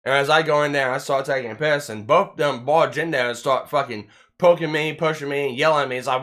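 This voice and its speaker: A man hosting a loose podcast chat, rambling through a story and swearing constantly. His voice sits in an ordinary middle pitch, and he often stumbles and restarts his sentences. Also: quick pace. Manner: rambling, heavy swearing, animated retelling. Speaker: podcast host.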